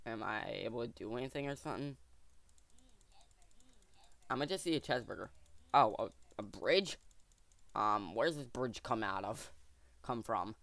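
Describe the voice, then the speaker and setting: A man hosting a let's play video, thinking aloud to his viewers in a jokey, excitable way. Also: medium pitch, normal speed, long pauses, dry recording. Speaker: gaming channel host.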